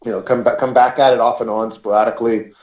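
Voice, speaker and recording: A man's voice: mid-range voice, little pitch movement, fast. A man in his forties from Canada, telling rambling stories in a casual chat and swearing now and then. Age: 40s. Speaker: paranormal investigator guest. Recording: roomy, dull lo-fi call audio.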